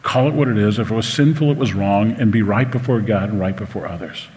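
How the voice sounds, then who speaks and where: In this live sermon, captured with long reverb in a church sanctuary, a man speaks in a fairly low, darkish voice at a fast clip. He's a pastor sharing personal stories, earnest and emotional, sometimes stammering and starting over.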